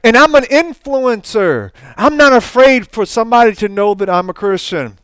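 A man preaching a storytelling sermon, folksy and animated, with asides and laughs. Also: extremely high pitch, moderate pace, clean tone, no echo.

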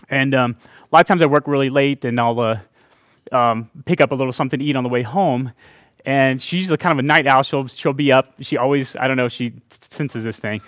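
A man's voice: mid-range voice, a bit bright, no room sound, clean studio sound. A middle-aged man giving a conversational sermon to a church congregation, chatty, with laughing asides and frequent "right?" checks with the listeners. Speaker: pastor.

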